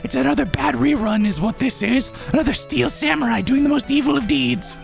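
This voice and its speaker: A man's voice: very high-pitched, a little fast, creaky, faint music behind, voice pushed up, exaggerated voice. A man voicing a vain, pushy old woman who scolds and rambles, for a game playthrough. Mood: haughty, rambling.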